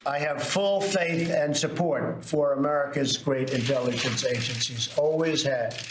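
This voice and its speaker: A man's voice: mid-range voice, a little slow. A male politician making a public statement, repeating himself and circling back to restate his points. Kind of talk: public statement at a press event. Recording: roomy clip with faint noise.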